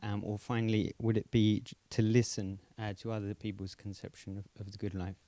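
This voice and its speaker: Male audience questioner, low flat voice, dry sound, halting delivery. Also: no room sound. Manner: halting, full of pauses. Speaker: audience member asking a question. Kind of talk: hesitant spoken question.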